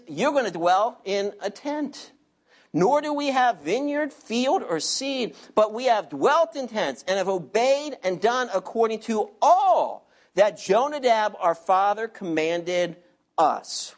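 A woman preaching a sermon, reading scripture slowly and adding wry asides to the congregation. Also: fairly high pitch.

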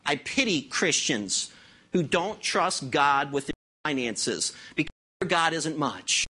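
A middle-aged pastor preaching a sermon, asking the congregation rhetorical questions and swinging between loud declarations and quiet asides. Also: medium pitch, animated, slow, slightly rough.

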